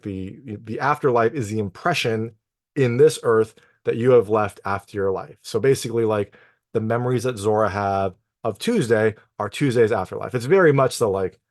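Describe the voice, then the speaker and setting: A man recaps a film's plot in a relaxed, rambling way, leaning on "like" and "you know" as he thinks aloud. His voice sits at an ordinary pitch. The recording is dry, with no room sound. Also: no echo. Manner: loose and chatty, peppered with "like" and "you know". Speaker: film reviewer. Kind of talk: casual spoken plot recap.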